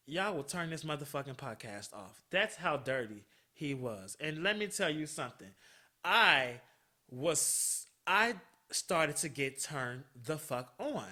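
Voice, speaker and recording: A man hosting a podcast, telling a personal story in a casual, animated way, swearing freely and laughing often. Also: a little high. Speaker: podcast host.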